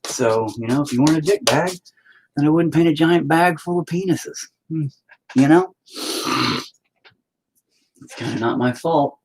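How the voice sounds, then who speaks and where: A man's voice: fairly high pitch, normal speed, pauses often, a little mellow, a little hiss or hum, rough recording. A man chatting casually and crudely while he paints, rambling and joking with lots of swearing. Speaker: painter streaming his work.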